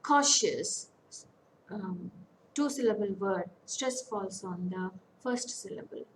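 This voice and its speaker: A woman with an Indian English accent teaches an online lecture. She talks in a methodical way and repeats each example word slowly before she explains it. A faint hiss of noise sits under her voice. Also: mid-range voice, darkish tone, low-quality recording. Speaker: academic counsellor teaching English.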